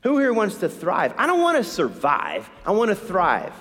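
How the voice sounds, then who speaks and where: Priest preaching in a reverberant church. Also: male voice, high voice, wildly swooping pitch, normal speed, fairly bright tone. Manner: urgent, questioning, repeats lines for emphasis. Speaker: Catholic priest. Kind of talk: sermon.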